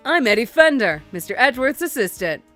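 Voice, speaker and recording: A woman's voice: on the high side, sing-song, fairly quick, pushed and bright, soft background music. A woman voicing an eager young male assistant in a video game, talking in an upbeat, chatty way. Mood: friendly.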